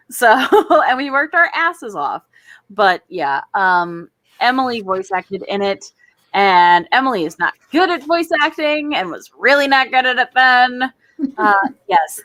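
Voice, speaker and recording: Thirtysomething woman hosting a draw stream, kinda high voice, chatty and laughy, dry mic. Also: fairly bright tone, no room sound. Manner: chatty, self-deprecating, laughs often. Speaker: stream host. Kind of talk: casual chat while drawing.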